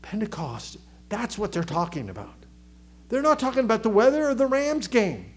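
A man preaching a sermon with a Southern American accent, animated, acting out crowd voices and dropping to a hush for emphasis. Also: sits high, normal speed. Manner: animated, acts out crowd voices, swings from loud to hushed. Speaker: pastor.

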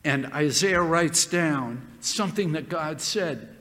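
A high, lively male voice preaching a sermon in a church hall, repeating phrases and leaning hard on key words. He speaks slowly, and the sound rings with a long hall reverb.

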